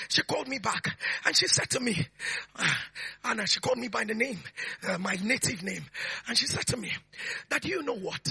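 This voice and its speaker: High gravelly preacher man. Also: no room sound. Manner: preaching with shouted declarations and tongues-like interjections; soft storytelling while recounting a memory. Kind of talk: sermon.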